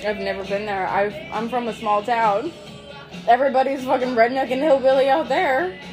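A woman's voice: a little high, steady tone, normal speed, a little mellow, soft background music. A young woman hosting a casual podcast, telling stories animatedly with frequent swearing and laughter. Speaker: podcast host. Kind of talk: casual chat.

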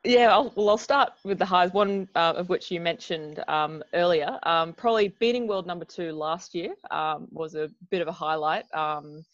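A woman's voice: fairly low pitch, moderate pace, hardly any pauses, dry recording, lo-fi sound. A woman in her twenties with an Australian accent, chatting casually as a guest, self-deprecating and laughing often. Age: 20s. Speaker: guest athlete. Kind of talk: casual interview chat.

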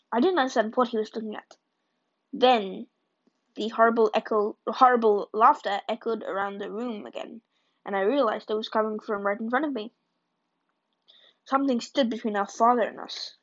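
Higher-voiced woman reading a book chapter, plain delivery with slips, dull lo-fi recording. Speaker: reader of a novel.

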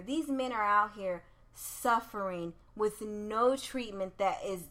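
A woman's voice: medium pitch, slow pace, sharp tone. A woman co-hosting a casual podcast chat, talking loosely and swearing freely. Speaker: podcast co-host.

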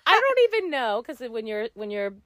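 A woman co-hosting a podcast in casual chat, playful and quick to laugh, acting out imagined dialogue. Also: fairly high pitch, big pitch swings, pushed and bright, no room sound. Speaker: podcast co-host, small business banker.

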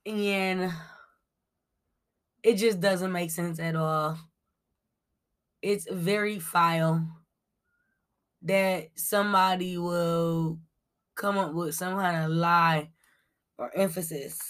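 This gossip commentary host has a lowish, slightly bright voice and a steady tone, drawing out her words and leaving long pauses. Reading from notes with many ums, she talks bluntly, swears without restraint, and calls her audience y'all.

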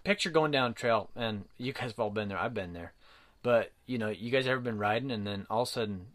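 A man's voice: lowish voice, fast, a bit bright. A man who runs mule riding clinics, talking casually to viewers in a rambling, folksy way with many fillers and restarts. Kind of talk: casual livestream talk to viewers.

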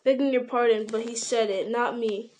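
A woman's voice: a little high, steady tone, moderate pace, a little mellow, a little hiss or hum, close to an everyday voice. A woman voicing a fussy, rambling middle-aged male innkeeper with a folksy, apologetic way of talking.

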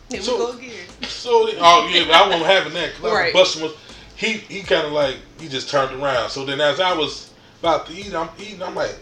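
Young man, AAVE speaker, lively storyteller who acts out the quotes; slightly high, bright voice in an echoey room. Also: a little fast. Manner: animated, laughs often, acts out quotes, says "man" a lot. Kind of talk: casual storytelling. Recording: echoey room with faint music.

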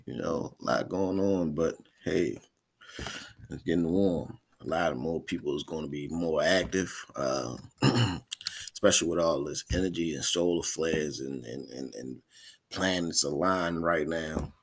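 A man's voice: rumbling low, unhurried, gravelly, breathy edge. A man hosting a podcast in a casual, rambling way, often repeating his words. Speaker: podcast host.

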